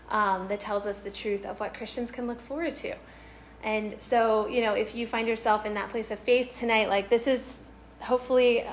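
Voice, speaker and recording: A young woman giving an informal sermon to a student group, earnest and halting, full of "like" and "um", with light laughs between points. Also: fairly high pitch, a little hiss or hum. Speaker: campus ministry speaker.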